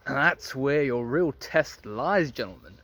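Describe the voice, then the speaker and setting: A man's voice: medium pitch, animated, measured pace, a little hiss or hum. Blunt, profane young man preaching. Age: young adult. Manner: blunt, profane, preachy, addresses viewers as gentlemen. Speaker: men's self-improvement vlogger. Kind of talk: casual monologue to camera.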